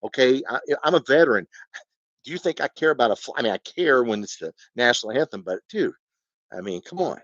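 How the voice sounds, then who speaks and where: A man's voice: medium pitch, animated, brisk, fairly bright tone, no echo, muffled recording. A man in his fifties hosting a live fan stream, ranting and rambling with lots of rhetorical questions. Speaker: fan channel host. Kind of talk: live-stream sports rant.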